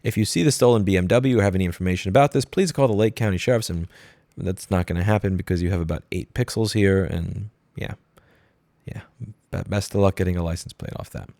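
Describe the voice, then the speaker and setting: Low-voiced man ranting with profane sarcasm. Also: quick pace, gravelly, dark tone, no room sound. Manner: mocking, switching into put-on corporate voices. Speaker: commentary host. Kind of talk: angry commentary rant. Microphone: studio microphone.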